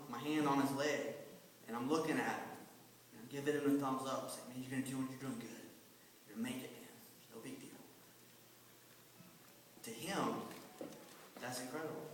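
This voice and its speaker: A man's voice: medium pitch, fairly bright tone, slight background noise. A man who teaches a children's church class, giving an earnest testimony with lots of repetition for emphasis. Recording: echoey hall from far off.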